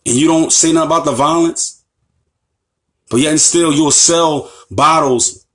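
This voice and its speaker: A man's voice: fairly high pitch, measured pace, a bit bright. An American man giving an impassioned lecture as an Islamic teacher, emphatic and repetitive, with rhetorical questions to his listeners. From United States. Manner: emphatic, repeats phrases, asks the audience rhetorical questions.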